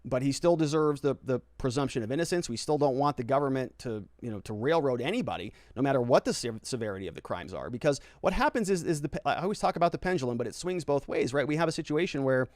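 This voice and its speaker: A man's voice: medium pitch, expressive, quick pace, few pauses, a little mellow, no echo, clean studio sound. A man hosting a casual legal commentary livestream, reading viewer comments aloud and answering them in a conversational way, often tagging his points with "right?" and restarting his phrases. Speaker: lawyer and legal commentary host.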